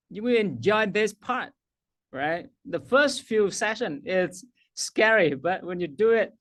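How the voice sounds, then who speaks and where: A man's voice: high-pitched, a bit bright. A middle-aged man teaching a coaching workshop, emphatic, repeating his key phrases and laughing at himself. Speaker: coaching trainer.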